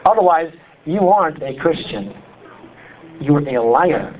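A pastor from Iowa with a Midwestern accent, preaching a sermon in an animated, conversational way full of rhetorical questions. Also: male voice, a little high, unhurried, dull audio. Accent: Midwestern American.

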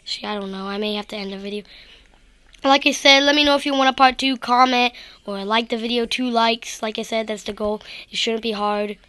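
A woman's voice: on the high side, fairly even intonation, a little fast, bright, forceful tone, dry recording. A woman giving rambling, self-deprecating gameplay commentary straight to her viewers. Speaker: gaming video creator.

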